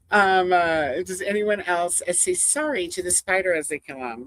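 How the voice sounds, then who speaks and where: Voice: mid-range voice, expressive, takes it slowly, pauses often, fairly bright tone, no echo. A livestream host chatting casually with viewers, rambling, laughing often and reading comments aloud. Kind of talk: casual chat with live viewers.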